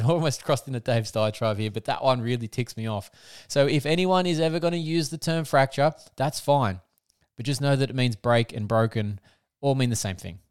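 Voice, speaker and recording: A man's voice: mid-range voice, no room sound, studio quality. An Australian man hosting a motorsport podcast, blunt and casual, laughing often and swearing freely. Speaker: podcast host.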